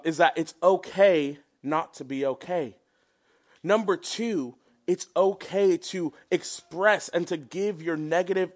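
A young man with a slightly high voice preaches in an earnest, conversational style. His sermon includes a prayer and casual asides to the people nearby.

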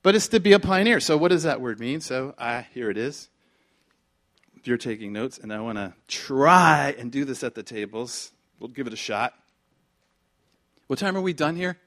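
A pastor delivers a conversational sermon packed with rhetorical questions and repetition, swinging between quiet asides and shouted emphasis. His mid-range voice is expressive and moves at a moderate pace.

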